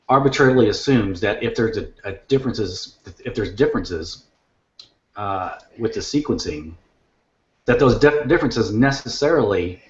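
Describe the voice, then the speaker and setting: A man on an online call, arguing his point at length in a measured way. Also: fairly low pitch, echoey room, highs cut off. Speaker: debate guest. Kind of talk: casual debate chat.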